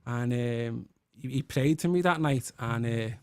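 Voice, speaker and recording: A man from Liverpool in his thirties, a guest musician and worship leader, talking in an earnest, halting way with many restarts. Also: mid-range voice, smooth, no echo, studio quality. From Liverpool, England. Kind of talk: casual chat.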